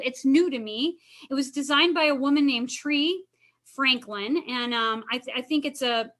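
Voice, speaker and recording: A woman's voice: sits high, a bit bright. A woman counselor leading a casual wellness lesson over a video call, chatty and encouraging. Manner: chatty, encouraging, uses "kinda" and "like" often.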